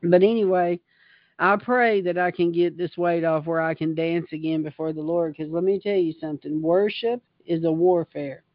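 Speaking at a moderate pace with fairly low pitch and fairly even intonation, a woman gives an informal livestreamed sermon. Fervent and emphatic, she reads scripture before riffing on it, captured in a dry, lo-fi recording.

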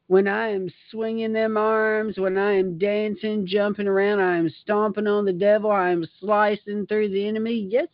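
A woman's voice: medium pitch, no echo, lo-fi sound. A woman preaching an informal livestream sermon, fervent and emphatic, reading scripture and riffing on it. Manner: fervent and emphatic, reads scripture then riffs on it.

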